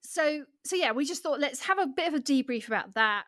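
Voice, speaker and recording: A woman's voice: high-pitched, lively intonation, fairly quick, fairly bright tone, no echo, studio quality. A woman co-hosting a podcast in casual chat, reflective and hedging with many fillers. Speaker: podcast co-host.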